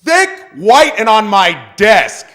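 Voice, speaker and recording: Lively high-voiced male stand-up comic. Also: slow. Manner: self-mocking punchlines. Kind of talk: stand-up set. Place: small club stage with live audience.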